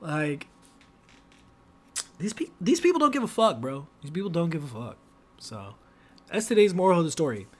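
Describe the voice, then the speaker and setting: A man's voice: a little high, very animated, normal speed, long pauses. A young man hosting a casual podcast, telling stories with slang and profanity and big swings in his voice. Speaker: podcast host.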